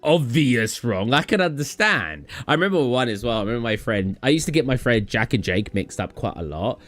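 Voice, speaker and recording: A man's voice: medium pitch, animated, fairly quick, a bit bright. A young British man chatting casually with viewers on a stream, rambling and acting out his own reactions. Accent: British English. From Britain. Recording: dry room with faint music behind.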